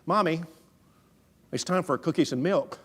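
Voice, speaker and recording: A man's voice: measured pace, a bit bright, husky. A man doing a whiny four-year-old boy. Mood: whining. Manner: whining, high-pitched.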